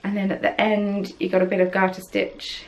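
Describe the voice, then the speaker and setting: A woman's voice: medium pitch, monotone, normal speed, creaky, darkish tone, rough recording. A woman hosting a podcast, chatting casually and rambling with self-deprecating asides, recorded at home on camera. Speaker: podcast host. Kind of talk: casual chat.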